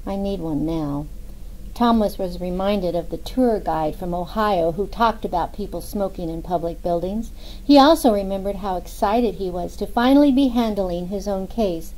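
A woman narrating a novel in a steady, even storytelling manner. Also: mid-range voice, moderate pace, low-quality recording. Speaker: audiobook narrator. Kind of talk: scripted narration.

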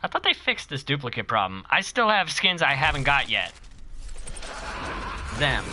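A man streaming a video game live, chatting casually and excitedly with his viewers and cheering himself on. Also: mid-range voice, normal speed, music in the background. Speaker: gaming streamer.

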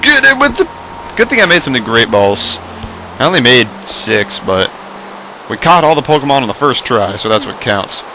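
A young man commentating a Minecraft Pokemon mod let's play, excitable, swearing and shouting at the game. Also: medium pitch, moderate pace, slight background noise, rough recording. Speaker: gaming YouTuber.

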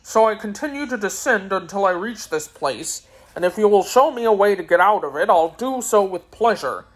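A woman's voice: medium pitch, lively intonation, moderate pace, pitched above the performer's own voice, natural voice. A woman voicing a cheerful, boastful little old wizard who works at a circus, talking in a jaunty, breezy way.

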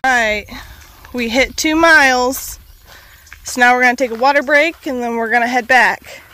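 A woman's voice: a little high, moderate pace, pushed and bright. Chatty woman vlogging on a walk. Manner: chatty, rambling, talks to her dog. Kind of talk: casual walking vlog. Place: outdoor trail.

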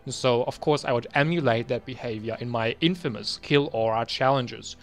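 A man's voice: mid-range voice, moderate pace, soft background music. Young man in casual screen commentary. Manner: chatty, muttering asides, bursts into loud exasperated ranting. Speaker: video creator reviewing his old game bans.

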